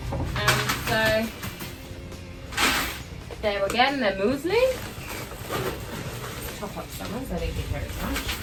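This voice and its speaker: A young Australian woman vlogging casually about her horses, chatty and rambling with plenty of ums and likes, filming herself on a handheld phone. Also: medium pitch. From Western Australia. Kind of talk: casual vlog chat to camera. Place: inside a horse float during rain. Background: background music.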